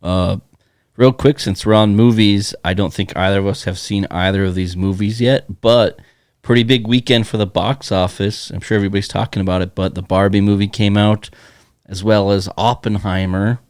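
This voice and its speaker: Low-voiced man, casual podcast co-host. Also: fairly even intonation, moderate pace, clear, resonant tone, no room sound, studio quality. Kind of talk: casual chat. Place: Bismarck, North Dakota.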